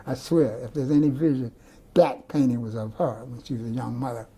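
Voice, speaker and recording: Speaking a little fast, this older man has a mid-range voice with a dark tone and a breathy edge. He's an artist in an oral-history interview, surrounded indoors by his artworks, wandering through stories and restarting often.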